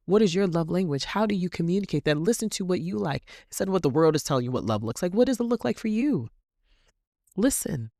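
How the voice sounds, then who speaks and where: A woman's voice: lowish voice, brisk, dry recording, clean studio sound. A woman hosting a motivational podcast, talking animatedly to her listeners and acting out little quoted exchanges. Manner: animated, acts out quoted voices, addresses listeners as queens. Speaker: podcast host and coach. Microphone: podcast mic.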